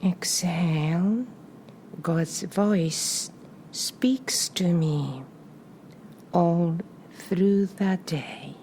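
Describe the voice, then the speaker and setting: A woman leading a guided meditation in a soft voice that often drops to a breathy whisper, repeating short phrases and calm cues with long pauses in between. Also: lowish voice, a little hiss or hum. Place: live session in front of a small audience.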